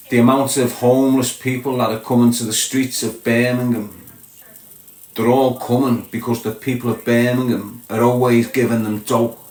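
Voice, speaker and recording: Chatty Scouse man in a roomy room. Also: mid-range voice. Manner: blunt, chatty, addresses viewers as lad and mate. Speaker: livestream host. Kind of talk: casual chat to viewers. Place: small box room indoors. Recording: roomy echo.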